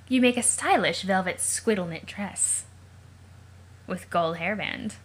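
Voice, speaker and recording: A woman hosting a let's play reads the comic's text aloud in a relaxed, casual way. She talks at an ordinary middle pitch and keeps breaking off into chatty, joking side comments and questions she wonders about aloud. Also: unhurried, slightly rough.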